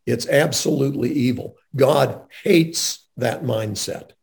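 A man's voice: mid-range voice, takes it slowly, creaky, darkish tone. A man interviewing a guest in a faith-based conversation, speaking in an earnest, emphatic way.

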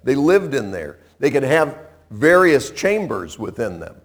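A man preaching a sermon, retelling a story in a conversational way, with dramatic swings from loud to hushed. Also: medium pitch, a little slow. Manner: animated, conversational, dramatic shifts in loudness.

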